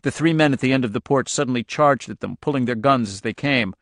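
A man reading a suspense novel aloud in steady, measured audiobook narration. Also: mid-range voice, dry recording, studio quality. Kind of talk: scripted narration.

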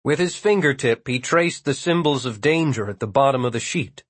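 A man reading a novel aloud as an audiobook narrator, in an even, measured manner. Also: medium pitch, slightly rough, no echo. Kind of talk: scripted narration.

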